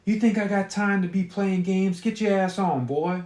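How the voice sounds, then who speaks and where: A man voicing a foul-mouthed, impatient mother who yells and curses. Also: on the high side, measured pace, natural voice. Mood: yelling. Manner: yelling, cursing, bossy. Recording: roomy echo.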